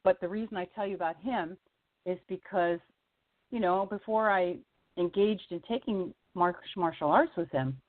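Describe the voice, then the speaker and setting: A chatty woman tells a story down a tinny phone line, her voice leaping high whenever she quotes someone. The sound is dry and close, with no room around her, and she laughs easily between lines. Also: moderate pace, no echo. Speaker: singer-songwriter guest. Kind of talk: casual storytelling on a radio interview.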